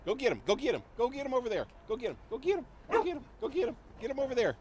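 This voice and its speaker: A man's voice: very high voice, sing-song, racing, a little mellow, slight background noise. A man livestreaming a video game, commenting casually, laughing often and swearing in passing. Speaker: gaming livestreamer. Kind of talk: live gameplay commentary. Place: small home.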